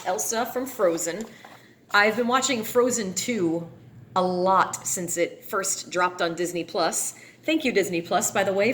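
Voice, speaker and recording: A woman artist casually walking through her paintings, chatty and candid as she explains each one. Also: fairly low pitch. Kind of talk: casual walkthrough of artworks. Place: home painting space. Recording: echoey room with faint noise.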